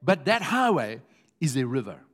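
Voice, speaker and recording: A man's voice: mid-range voice, sing-song, moderate pace, breathy edge. A man preaching a sermon to his congregation, reading scripture aloud and joking along the way. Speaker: pastor.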